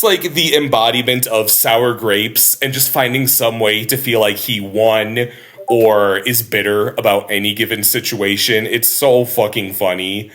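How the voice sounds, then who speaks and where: A man co-hosting a casual podcast, talking in an animated way, laughing often and swearing casually. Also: medium pitch, measured pace. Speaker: podcast co-host.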